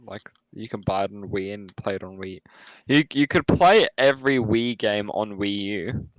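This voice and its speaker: A man's voice: lowish voice, moderate pace, no room sound, low-quality recording. A young man from Australia in casual chat, hesitant and matter-of-fact. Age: young adult.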